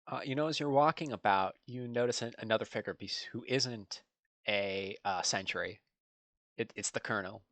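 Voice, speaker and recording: A game master narrating a tabletop game, asking halting, filler-heavy questions. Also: medium pitch, a bit bright, no room sound.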